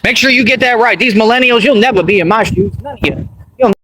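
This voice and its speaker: Man, livestream rant, bragging, street slang, high voice, loud background noise. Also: quick pace. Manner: bragging, street slang, keeps asking "you understand?". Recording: noisy livestream audio.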